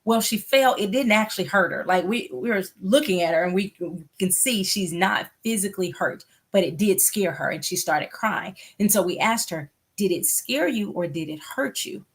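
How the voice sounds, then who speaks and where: A middle-aged woman host talking through mental health tips in a live broadcast, earnest and explaining with everyday examples, pausing often with "um.". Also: medium pitch, slightly rough. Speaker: host offering therapy.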